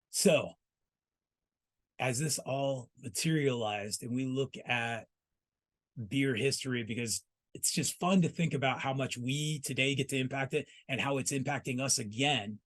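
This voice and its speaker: A man's voice: medium pitch, a bit bright. A man hosting a trade news segment, telling history in a storytelling way and speaking straight to the listener. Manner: storytelling, addresses listener directly. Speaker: host.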